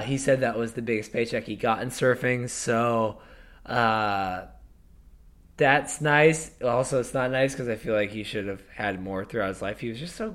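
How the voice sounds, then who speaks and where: A man's voice: medium pitch, a bit bright. A man co-hosting a podcast, rambling casually with restarts and the odd swear word. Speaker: podcast co-host. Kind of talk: casual chat.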